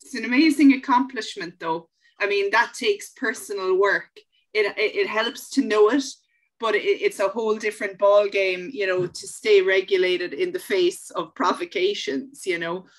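A woman hosting an interview, asking questions and affirming her guest in a measured way. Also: medium pitch, fairly even intonation, low-quality recording. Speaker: interview host.

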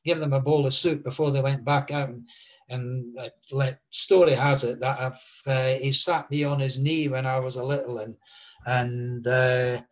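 A man's voice: medium pitch, fairly even intonation, moderate pace, muffled recording. A man, a guest telling a long story in a rambling way with many fillers. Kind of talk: relaxed storytelling.

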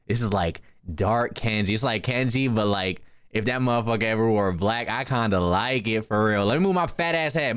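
Animated young man streaming, lively pitch. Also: a little fast, smooth, no echo, studio quality. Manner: loud, profane and joking, swings into shouting. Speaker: streamer hosting an art contest. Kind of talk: casual livestream chat.

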